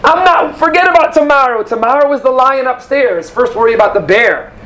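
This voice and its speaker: A man giving an animated Torah class, asking rhetorical questions and using Hebrew terms. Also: very high-pitched, brisk. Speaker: Torah teacher.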